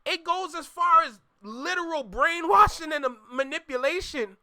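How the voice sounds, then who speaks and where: A young man reacting on a live stream in casual, slangy talk, excitable, jumping from loud outbursts to low muttering. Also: moderate pace.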